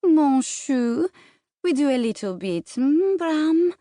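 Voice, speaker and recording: Lady doing a fawning french flirt, high lilting voice, french accent, warm tone. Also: big pitch swings, slow pace, dry recording, clean studio sound, heavily acted. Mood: teasing. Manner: fawning, teasing, purring. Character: seductive teasing French woman, a rival.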